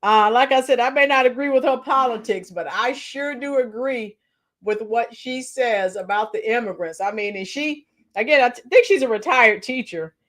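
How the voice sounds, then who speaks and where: Chatty female reaction-stream host with a high voice who talks straight to her chat. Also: moderate pace, a bit bright. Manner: chatty, greets chat viewers by name. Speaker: livestream host. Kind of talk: casual reaction livestream.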